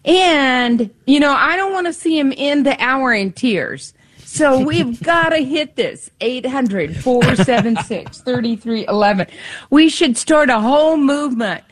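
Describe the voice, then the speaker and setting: A woman's voice: sits high, expressive, measured pace. A woman co-hosting a radio pledge drive, chatty and encouraging, repeating the call-in number. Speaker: radio fundraiser co-host. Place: radio studio.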